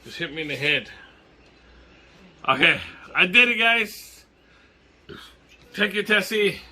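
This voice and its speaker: A man from Hawaii with a Hawaiian accent, vlogging casually in a jokey, excitable way, swearing and laughing as he talks. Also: high-pitched, slow, a little hiss or hum. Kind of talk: casual vlog.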